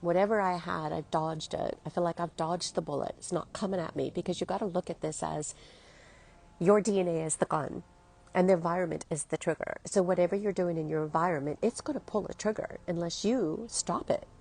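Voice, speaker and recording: A woman's voice: fairly low pitch, fairly even intonation, a little fast, gravelly, a little mellow. A woman in her fifties, a health coach, talking earnestly and emotionally straight to her listeners. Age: 50s. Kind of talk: motivational monologue to listeners.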